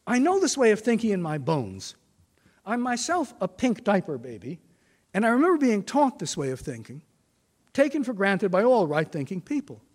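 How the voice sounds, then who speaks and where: An older man giving a formal prepared lecture, measured, reading quotations with emphasis. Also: sits high, wildly swooping pitch, darkish tone, slightly rough. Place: lecture hall. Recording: long reverb of a lecture hall.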